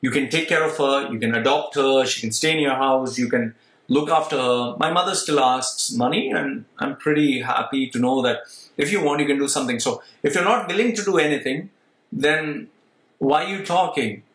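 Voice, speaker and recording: A man's voice: mid-range voice, moderate pace, fairly bright tone. Blunt man talking to viewers, roomy echo. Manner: blunt and emphatic, repeats himself. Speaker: vlogger. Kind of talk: candid monologue to viewers.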